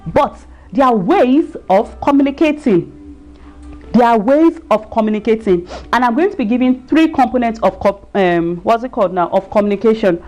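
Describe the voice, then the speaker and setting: Earnest woman on a livestream, fairly high pitch, repeats points, gropes for words. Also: darkish tone. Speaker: marriage enrichment speaker. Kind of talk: livestream talk.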